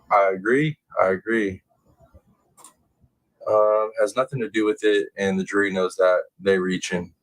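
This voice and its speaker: A man hosting a casual true crime livestream, reading chat comments aloud and bursting into excited, high-pitched exclamations. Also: poor audio. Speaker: livestream host.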